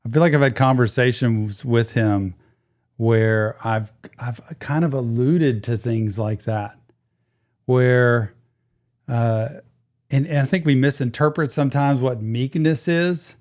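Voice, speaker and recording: A man's voice: mid-range voice, slow pace, darkish tone. A man, a therapist, giving casual, enthusiastic and reflective commentary while reacting to a song. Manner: enthusiastic, reflective, talks over the track. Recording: music playing in the background.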